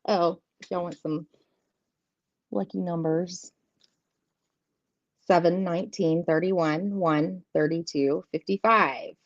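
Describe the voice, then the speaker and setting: A woman's voice: fairly low pitch, steady tone, slow pace, long pauses, no echo. A woman, hosting a casual live tarot stream, chatty and giggly, rambling and greeting viewers by name. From southeastern United States. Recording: dull lo-fi stream audio, dry.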